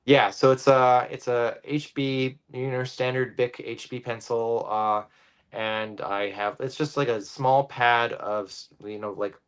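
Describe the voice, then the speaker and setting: A man who is a guest comic artist, explaining his drawing process casually and thinking aloud with many pauses. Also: medium pitch, fairly even intonation, clean tone.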